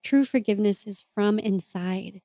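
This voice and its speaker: A woman's voice: medium pitch, moderate pace, dark tone, dry recording. A woman hosting a podcast, talking in an earnest, open and confessional way in a reflective monologue. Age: adult parent. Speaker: podcast host and mentor.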